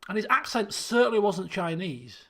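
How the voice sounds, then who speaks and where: A man's voice: high-pitched, very animated, moderate pace, bright, forceful tone. A man streaming a game, thinking aloud in casual commentary and repeating himself as he works things out. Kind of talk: casual let's-play commentary.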